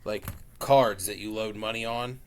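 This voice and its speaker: A man co-hosting a podcast, telling a drawn-out anecdote in casual chat with a wry tone. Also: lowish voice, steady tone, slight background noise. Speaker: podcast co-host.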